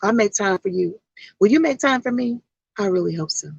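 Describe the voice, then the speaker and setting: A woman's voice: mid-range voice, lively intonation, brisk, creaky, slightly rough, no room sound, highs cut off. A woman life coach giving a motivational vlog talk, emphatic, with a repetitive, preaching cadence.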